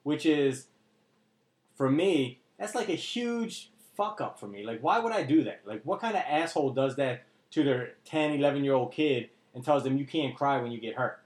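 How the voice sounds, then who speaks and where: A man's voice: medium pitch, animated, moderate pace. A man talking candidly and emotionally on a podcast, blunt and earnest, swearing freely. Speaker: podcast co-host. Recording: roomy echo.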